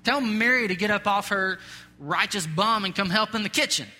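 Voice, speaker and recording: A man's voice: high-pitched, normal speed, sharp tone, big-room sound. A man voicing a blunt, exasperated woman in a sermon retelling, curt and demanding.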